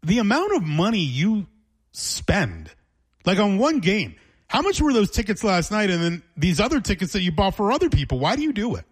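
A man with a fairly high-pitched voice hosts a casual radio interview. He asks curious, lively follow-up questions and keeps the talk moving. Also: normal speed, breathy edge. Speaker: radio host.

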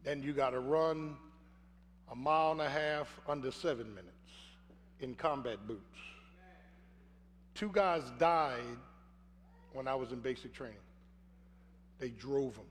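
Older male preacher, slow earnest storytelling, long hall reverb, faint hum behind. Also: mid-range voice. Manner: earnest storytelling with repeated phrases. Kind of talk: sermon with personal story.

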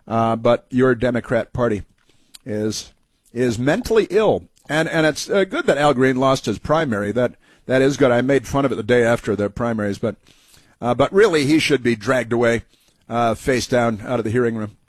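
Guy doing snarky political talk radio, mid pitch, dead dry close mic. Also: animated, normal speed, no echo. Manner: mocking, sarcastic running commentary. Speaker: radio talk show host. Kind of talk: political commentary over clips.

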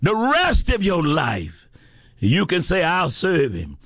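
A man preaching a sermon with impassioned delivery, repeating phrases and rising to shouts. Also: a little high, wildly swooping pitch, takes it slowly, no echo, clean studio sound.

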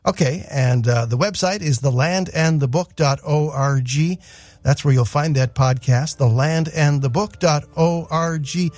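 A man's voice: a little high, measured pace, a little mellow, faint music behind. A man co-hosting a radio program, giving friendly, conversational announcements.

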